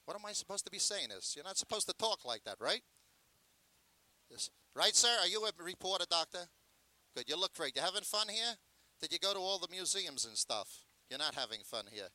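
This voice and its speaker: Old carnival pitchman guy on a festival stage, high sharp voice, loud joking sales patter. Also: dry recording. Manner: brash, joking showman's patter, loud sales pitches between chatty asides. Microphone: handheld microphone.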